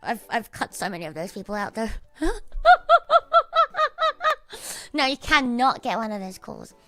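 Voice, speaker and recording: A woman's voice: medium pitch, expressive, brisk, fairly bright tone, no echo, faint music behind. A young woman in her twenties, livestreaming and telling a story in rambling, profane casual chat full of "like" fillers.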